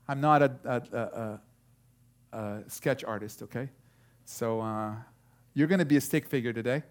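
A man in his thirties preaching a sermon, telling a family story with lots of fillers and restarts. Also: a little high. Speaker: pastor.

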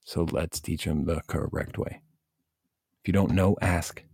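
A man's voice: low-pitched, a little slow, gravelly, slightly rough, no room sound, studio quality. A man giving blunt, profane coaching advice in a casual rant, speaking as a youth baseball coach and parent. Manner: blunt, profane, animated venting.

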